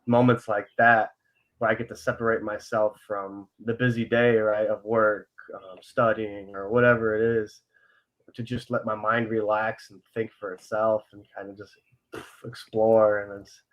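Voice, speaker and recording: A man's voice: on the low side, little pitch movement, moderate pace. A young man co-hosting a casual podcast, talking earnestly and openly about his feelings, full of fillers and swearing. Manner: rambling, filler-heavy, swears freely. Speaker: podcast co-host.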